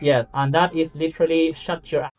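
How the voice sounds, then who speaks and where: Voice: mid-range voice, steady tone, fairly quick. An interviewer with an Argentinian accent, chatting and joking with a guest. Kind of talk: casual chat.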